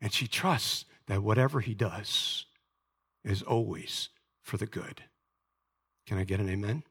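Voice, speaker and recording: Forceful, low-voiced man preaching. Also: a little slow, breathy edge. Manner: earnest, emotional preaching, directly addressing the congregation. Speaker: pastor. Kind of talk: sermon.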